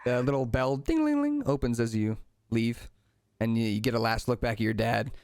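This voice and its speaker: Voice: mid-range voice, lively intonation, normal speed, a little mellow, no room sound. A game master narrating a tabletop game in a casual, filler-heavy way, close and dry.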